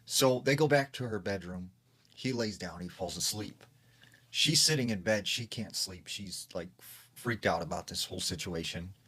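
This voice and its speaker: A man's voice: low-pitched, normal speed, a bit bright, slightly rough. A man casually retelling a scary story secondhand, with lots of fillers.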